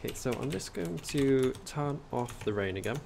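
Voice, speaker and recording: A man's voice: mid-range voice, animated, moderate pace, gravelly, darkish tone, a little hiss or hum. A man with a posh English accent, chatting casually on a gameplay livestream, rambling and reading out chat as he builds. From England.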